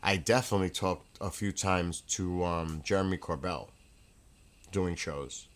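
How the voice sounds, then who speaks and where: Male stream host, slightly low voice, rambling excitable storyteller chatting casually at home. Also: a little slow. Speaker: livestream host. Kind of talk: casual chat.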